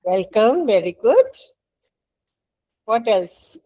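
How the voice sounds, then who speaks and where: Slow, mellow Indian-accented woman teacher. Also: on the high side, sing-song, low-quality recording. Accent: Indian English. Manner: patient, coaxing, often checks with "right?". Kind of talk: online English lesson.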